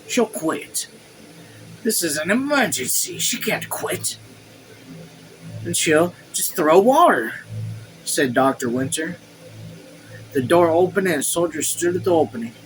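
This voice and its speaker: A man hosting a casual book read-along at home, reading the text and even the punctuation aloud, then breaking off into excited, swear-filled asides. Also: high voice, slight background noise, poor audio. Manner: reads quotes and punctuation marks aloud. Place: his room at home.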